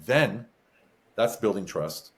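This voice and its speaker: A fairly low-pitched American man talks as a guest in a relaxed interview. He tells stories with animated energy and frequent chuckles. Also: slow pace. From United States. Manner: animated storyteller, chuckles often. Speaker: podcast guest, business advisor. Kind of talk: casual interview talk.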